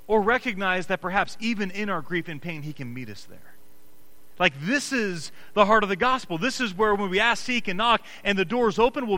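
Bright high-voiced male preacher. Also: low-quality recording. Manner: earnest preaching, emphatic with frequent restarts. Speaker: pastor. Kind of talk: sermon.

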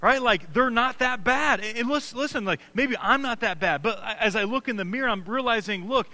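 A man preaching a sermon as pastor, earnest and emphatic, moving between hushed low passages and raised, pressing ones, with frequent restarts. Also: animated, brisk, low-quality recording.

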